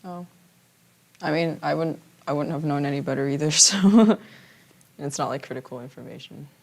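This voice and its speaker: A woman's voice: sits low, normal speed, darkish tone. A woman painting on a livestream, chatting casually, giggly and self-deprecating, muttering to herself as she works. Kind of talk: casual chat while painting.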